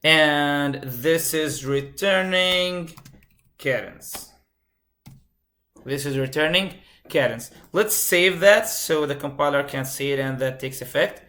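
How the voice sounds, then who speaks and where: A man's voice: a little high, unhurried, few pauses, bright, forceful tone. A man instructor giving a live coding lecture, repeating key phrases and asking the class questions. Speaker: computer science instructor.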